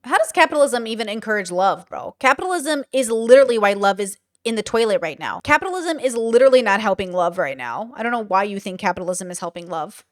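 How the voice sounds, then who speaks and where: A woman's voice: mid-range voice, expressive, fast talker, few pauses, no echo, studio quality, faint music behind. A young woman doing reaction commentary on her channel, blunt, sarcastic and swearing freely. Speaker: YouTube commentator.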